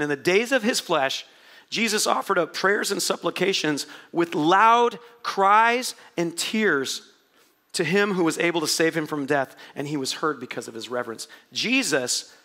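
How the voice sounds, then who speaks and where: An animated man preaching a sermon, his voice sitting a little high and ringing bright and forceful. He swings between hushed asides and bursts of excitement as he talks to the room. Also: unhurried. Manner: animated, swings from quiet asides to shouted prayers. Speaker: pastor.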